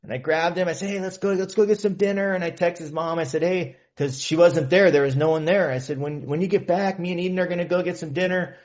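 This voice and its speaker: A man's voice: high voice, steady tone, fast, hardly any pauses, darkish tone. Male recovery meeting speaker, earnest conversational storyteller, muffled lo-fi recording. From California. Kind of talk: personal testimony talk. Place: meeting hall.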